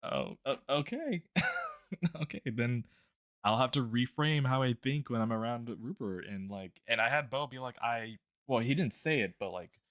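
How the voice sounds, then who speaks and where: A man's voice: mid-range voice, moderate pace, a bit bright, no room sound. A man streaming while drawing, chatting casually about a tabletop game character, rambling with lots of fillers, restarts and laughs.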